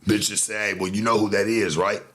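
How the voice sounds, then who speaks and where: A man's voice: fairly low pitch, flat delivery, fairly quick, a bit bright. A man hosting a show, telling a story in a casual, profane monologue full of street slang. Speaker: show host.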